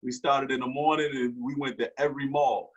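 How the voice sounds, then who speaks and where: Husky-voiced man telling a story. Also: medium pitch, fairly quick, rough recording. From Newark, New Jersey. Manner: animated storyteller acting out quoted dialogue. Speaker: guest. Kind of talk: storytelling in an interview.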